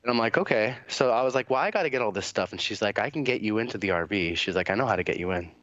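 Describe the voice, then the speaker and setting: Podcast host, male, low voice, casual profane storyteller; dry, slightly dull recording. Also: lively intonation, very fast, fairly bright tone, no room sound. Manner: rambling, profane, lots of fillers and quoted dialogue.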